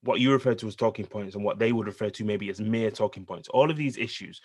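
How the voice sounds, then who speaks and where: A man's voice: fairly low pitch, fast, slightly rough. A man co-hosting a podcast, debating politics in casual chat and repeating himself to hold the floor. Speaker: podcast co-host.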